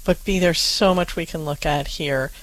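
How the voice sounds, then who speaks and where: A woman co-hosting a parenting advice show, speaking in a calm, reassuring way. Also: low-pitched, normal speed, rough recording.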